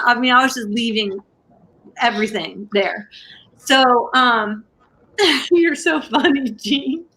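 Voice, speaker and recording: A woman's voice: on the high side, slow pace, sharp tone. A woman hosting a livestream, chatting casually and telling rambling stories to her viewers with lots of fillers. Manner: chatty storyteller with many fillers. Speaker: livestream crafting host. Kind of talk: casual chat to a live audience.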